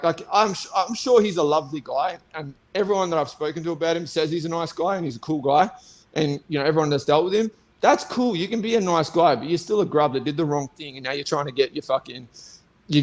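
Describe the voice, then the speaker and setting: A man's voice: on the high side, darkish tone. An Australian man co-hosting a fight podcast, ranting heatedly and swearing often. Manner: heated profane rant. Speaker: co-host and fighter. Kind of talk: casual podcast chat.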